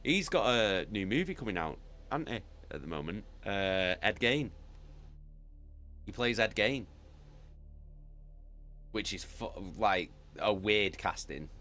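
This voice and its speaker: A man's voice: on the low side, expressive, slow pace, pauses often, bright, forceful tone. A British man chatting casually with viewers as a streamer, rambling and swearing freely. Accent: British English. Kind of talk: casual chat.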